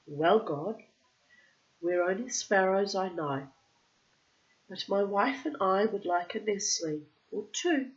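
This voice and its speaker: A woman voicing a small, timid male sparrow who shouts and pleads with God. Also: medium pitch, expressive, slow pace, long pauses. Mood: earnest plea. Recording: dull lo-fi recording.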